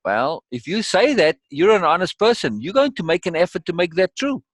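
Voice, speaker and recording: A man's voice: high voice, very animated, a little fast, no room sound. A man leading a course session in conversational teaching style, emphatic and repeating key words for weight.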